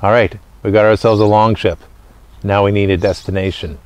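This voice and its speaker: A man with a fairly low voice gives a casual educational talk as a living history presenter. He explains things step by step, in short phrases with pauses between them. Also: fairly even intonation, smooth.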